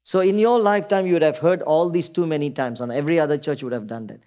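A middle-aged man leads a church sermon in a fairly high voice. He speaks, keeps checking in with the congregation, and slips into brief quoted voices to make his points. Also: quick pace, dark tone. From Singapore. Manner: calls out to the congregation with repeated "Amen?" and acts out short quoted voices. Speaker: pastor.

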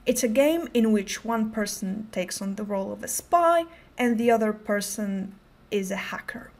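A woman's voice: mid-range voice, animated, normal speed, a little mellow. A young adult woman giving a prepared conference talk, speaking in a careful, controlled way with occasional stutters on sounds.

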